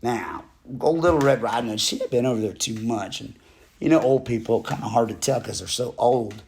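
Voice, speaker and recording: A man's voice: mid-range voice, a little fast, creaky, darkish tone. A man telling a fairy tale as a comic folksy story, rambling with digressions and joking asides.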